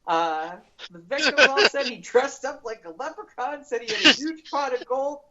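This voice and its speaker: A woman's voice: high-pitched, lively intonation, normal speed, lo-fi sound, a crowd in the background. A woman hosting a comedy news podcast, reading a story and breaking into giggles.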